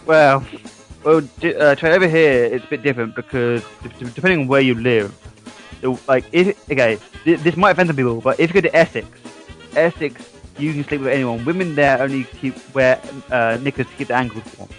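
A man's voice: mid-range voice, a little fast. A young man from southern England with an English accent, co-hosting a casual internet radio chat, cheeky and prone to stammering restarts. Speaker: co-host. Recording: internet radio with faint music.

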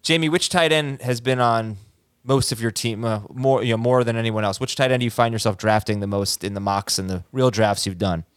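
A man hosting a sports podcast, talking in an upbeat, chatty way with quick asides. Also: medium pitch, steady tone, smooth, no echo. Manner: upbeat, talkative, fast asides. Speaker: podcast host. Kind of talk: casual sports podcast chat.

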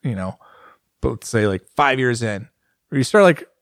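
A man co-hosting a casual podcast, talking fast and acting out other riders' thoughts in short bursts. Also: mid-range voice, no echo, studio quality. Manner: animated, acts out riders' thoughts in quick bursts. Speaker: podcast co-host. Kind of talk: casual motorcycle chat.

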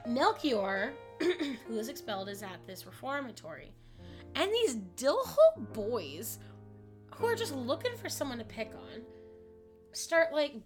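A woman co-hosting a podcast, casually retelling a musical's plot and acting out the characters' lines, with some swearing. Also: on the high side. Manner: animated, profane, acts out characters' lines. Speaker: podcast co-host.

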